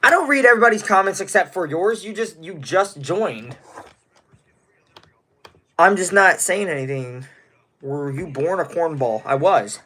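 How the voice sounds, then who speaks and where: A man's voice: sits high, animated, unhurried, pauses often, sharp tone. A nineteen-year-old man from Indiana, livestreaming casually, rambling and greeting viewers in chat by name. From Indiana, USA. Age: teens.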